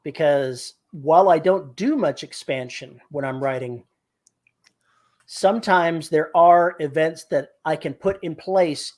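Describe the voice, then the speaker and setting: A man's voice: on the high side, a little mellow. A man co-hosting a podcast on writing, chatting casually and acting out quotes as he retells a scene. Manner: chatty storyteller, acts out quotes. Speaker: podcast co-host. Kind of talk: casual chat about writing.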